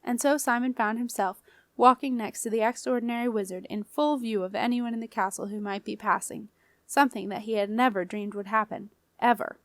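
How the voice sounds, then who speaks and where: A woman reading an audiobook aloud in a measured storytelling way. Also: on the high side, fairly even intonation, dry recording. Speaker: audiobook reader. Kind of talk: scripted audiobook narration.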